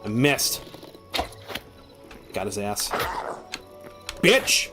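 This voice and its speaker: A man streaming a game live, swearing often and shouting at monsters, with dry joking asides in between. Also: on the low side, sing-song, drawn-out words, over music. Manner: exasperated, swears a lot, yells at game monsters. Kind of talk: live gameplay commentary.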